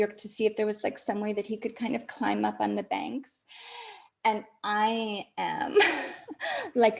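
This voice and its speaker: Slow, whispery woman host. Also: on the high side. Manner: soft, slow and breathy, often dropping to a near whisper; chatty, with many "like" fillers and frequent laughs. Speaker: podcast host. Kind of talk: intimate personal storytelling.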